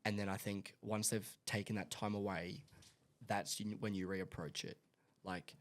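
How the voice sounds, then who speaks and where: A man's voice: lowish voice, flat delivery, a little slow. A young man, a son chatting on a family podcast, rambling and restarting as he searches for words. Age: young adult. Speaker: son of the host. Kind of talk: casual family podcast chat.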